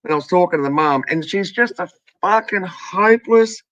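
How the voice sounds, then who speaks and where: Blunt, forceful Australian woman telling stories. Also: lowish voice, animated, moderate pace, no echo, dull audio. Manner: blunt, heavy swearing, acts out other people's voices. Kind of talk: casual storytelling chat.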